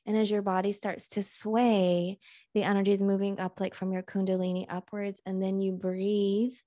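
Woman host channeling messages, mellow and even-toned, dry close sound. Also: mid-range voice, moderate pace, no room sound. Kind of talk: guided channeling session.

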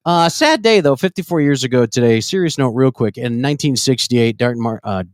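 A man's voice: medium pitch, fairly quick, no room sound. A middle-aged man co-hosting a comedy podcast, brash and profane, ranting in casual chat. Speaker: podcast co-host.

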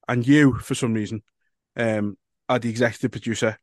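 This is a laid-back man putting questions to his co-host on a football podcast, wry and swearing casually. His voice is mid-pitched and recorded close, with a dry sound and no room echo. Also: fairly even intonation, a little fast.

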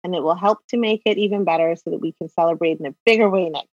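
A woman's voice: lowish voice, fast talker, a little mellow, no echo, dull audio. A woman guest on a podcast chatting casually and breezily about her business, laughing easily. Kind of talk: casual chat.

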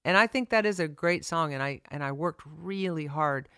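Woman songwriter, interview guest; low voice, lively storyteller who plays out every character she mentions. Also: smooth, dry recording, clean studio sound. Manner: animated storyteller, quick to act out the people she quotes.

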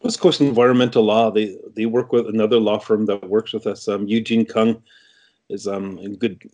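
A man's voice: fairly low pitch, fairly even intonation, normal speed, a little mellow. A middle-aged man from Canada, an interview guest, telling a story casually with many restarts and fillers.

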